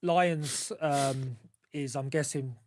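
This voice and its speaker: A man's voice: mid-range voice, slow, darkish tone. A man hosting a podcast, asking short, informal questions. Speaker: podcast host. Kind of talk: casual interview questions.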